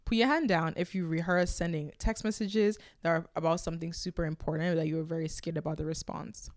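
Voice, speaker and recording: A woman's voice: low-pitched, brisk, dry recording, clean studio sound. A woman hosting her own podcast, talking candidly and casually, telling stories with animation. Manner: candid, conversational, animated storytelling. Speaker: podcast host. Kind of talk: casual solo podcast talk.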